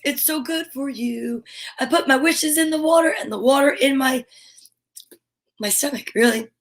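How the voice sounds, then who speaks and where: A woman's voice: sits high, a bit bright. A woman hosting a cheerful live-stream chat for her viewers, bubbly and exclamatory, with gasps and whispers. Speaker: storytime host.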